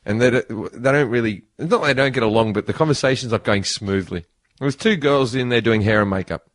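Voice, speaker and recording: A man with an Australian accent telling profane, animated stories in casual podcast chat. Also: mid-range voice, quick pace. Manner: profane, laughing, animated storyteller. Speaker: comedian guest.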